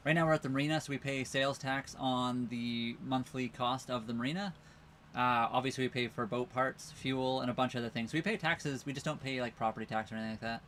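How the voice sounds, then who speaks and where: Man, casual livestream host, rambling and easygoing, mid-pitched voice, faint background hiss. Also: steady tone, fast talker, a bit bright. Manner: easygoing, rambling, reads viewer comments aloud. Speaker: live stream host. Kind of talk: casual live stream chat. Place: on a sailboat at a marina.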